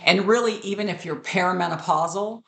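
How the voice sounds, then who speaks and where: Woman in her fifties, lowish voice, earnest personal vlog, echoey room. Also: brisk. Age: 50s. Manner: candid, earnest, with fillers and repeats. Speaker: vlogger. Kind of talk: personal vlog talk to camera.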